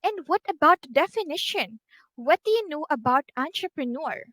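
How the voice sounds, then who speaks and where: A woman teaching a one-on-one online English lesson, patient and encouraging, repeating words slowly for her student and talking through what she does on screen with small fillers. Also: high-pitched, animated, a bit bright, dry recording.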